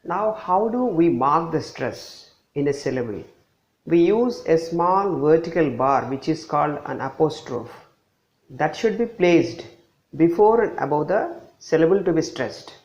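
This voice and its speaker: A man with an Indian English accent giving a pronunciation lesson, patiently repeating example words slowly for emphasis. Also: a little high, expressive, darkish tone, dull audio. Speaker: English teacher.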